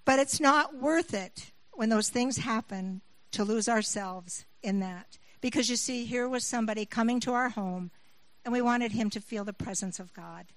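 A woman's voice: a little high, moderate pace, no echo, rough recording. A middle-aged woman preaching a sermon. She moves between scripture reading and personal stories, rising with emphasis when she appeals to her listeners.

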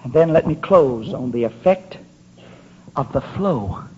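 A man preaching a fervent, rhythmic sermon at a church service, often building up to shouts. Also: mid-range voice, lively intonation, a little slow, breathy edge. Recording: muffled lo-fi recording.

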